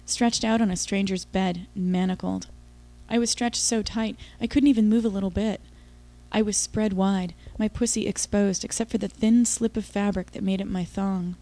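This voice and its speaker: Mellow-voiced woman narrating an audiobook. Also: mid-range voice, fairly even intonation, normal speed. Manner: intimate, confiding first-person storytelling. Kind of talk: first-person audiobook narration.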